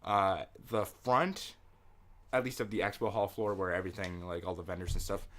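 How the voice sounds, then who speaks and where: A young man co-hosting a casual podcast, telling stories in an animated way, swearing and laughing often. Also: low voice, moderate pace. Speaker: podcast co-host.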